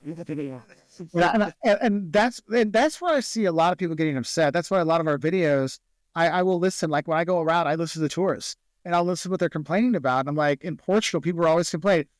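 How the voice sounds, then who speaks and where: A man's voice: a little high, fast talker, dry recording. A man, a travel video creator guest in a casual podcast interview, telling stories and acting out the people he quotes.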